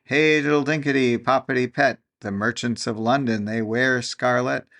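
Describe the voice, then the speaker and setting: A man voicing a merry chorus of little tailor mice in a chirpy, sing-song manner, pitched above his own voice. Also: fairly even intonation, moderate pace, a bit bright, close to an everyday voice.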